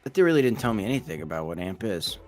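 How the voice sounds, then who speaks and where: A man's voice: fairly low pitch, big pitch swings, racing, soft background music. A man hosting a casual livestream, reading chat comments aloud in a loose, jokey, rambling way. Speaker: host of a crypto livestream.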